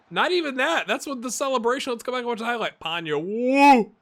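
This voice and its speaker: A man giving excitable, jokey play-by-play commentary on his football management game, with bursts of shouting at goals. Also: very high-pitched, a little fast, few pauses. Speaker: gaming YouTuber.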